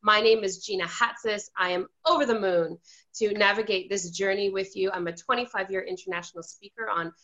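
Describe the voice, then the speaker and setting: Bright, effusive woman hosting. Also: medium pitch, fairly even intonation, brisk, highs cut off. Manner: effusive, gushing welcome. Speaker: host. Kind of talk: spiritual online interview.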